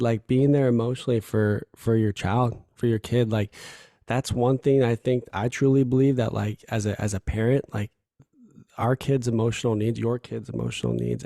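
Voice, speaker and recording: Man, podcast host, mellow gravelly voice, affirming, casual chat. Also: medium pitch, no room sound, clean studio sound. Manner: encouraging, affirming, laid-back. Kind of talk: casual conversation.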